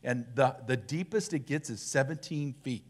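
A middle-aged man delivering a sermon as a church elder, at a medium pitch. He tells the story in a loose, conversational way and drops playful, self-deprecating jokes along the way. His manner is animated and lively. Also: normal speed.

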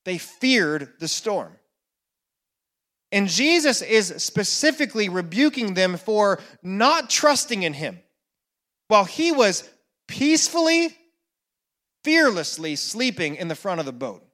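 A male pastor with a high voice delivers a sermon at an unhurried pace. He lets key phrases fall to a hush, then builds back up with emphatic questions. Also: very animated. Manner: slow, with dramatic hushed repetitions and rising emphasis.

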